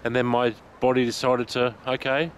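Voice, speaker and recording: A man vlogging outdoors while walking, out of breath, excited and chatty, laughing often. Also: mid-range voice, moderate pace, slight background noise. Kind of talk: casual vlog while walking. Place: outdoors in a park.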